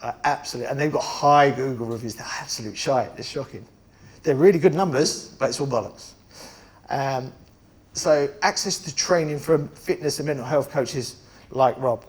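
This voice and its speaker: A middle-aged man giving an energetic, blunt talk to members of his network, swearing casually and making chatty asides. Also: medium pitch, normal speed. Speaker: estate agency network founder speaking to members. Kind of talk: conference talk.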